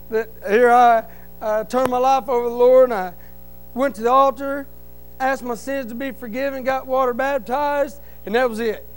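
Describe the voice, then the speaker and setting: A man giving an emotional church testimony in plain, folksy speech, repeating his phrases and swinging between loud fervent cries and quiet, hushed stretches. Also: extremely high pitch, smooth, poor audio. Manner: fervent, rising to loud cries then dropping to a quiet hush.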